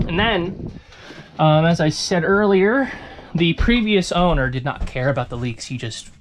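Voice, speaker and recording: A man's voice: a little high, lively intonation, unhurried, background noise. A man giving a casual, profane and rambling walkthrough of the repairs on his sailboat, speaking from inside the cabin. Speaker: boat owner showing repairs.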